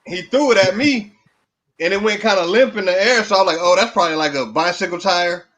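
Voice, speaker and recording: A man with a notably high speaking voice, talking casually as a podcast guest. He tells his stories in a relaxed, dryly funny way with loose everyday grammar. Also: a little fast. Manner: laid-back storyteller, dry humor, loose grammar. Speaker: podcast guest, beard company owner. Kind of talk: casual chat.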